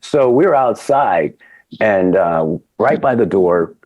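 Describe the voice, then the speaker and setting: A man speaking as a podcast guest, telling an animated anecdote about his old TV crew days and acting out the people in it. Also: on the low side, slow, no echo. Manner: lively storyteller, acts out quoted people.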